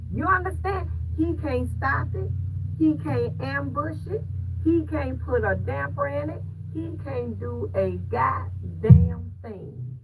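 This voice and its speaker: Woman vlogger, slow and preachy, keeps checking in with viewers; gravelly tone. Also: high-pitched. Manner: emphatic, preachy, keeps asking if viewers hear her. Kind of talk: casual storytelling to viewers. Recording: distant mic with clear background noise.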